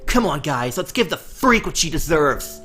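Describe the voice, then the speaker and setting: Fields: Figure: a man doing a sneering village bully boy. Pitch: raised. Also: sing-song, moderate pace, faint music behind. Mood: menacing. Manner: sneering, shouting taunts.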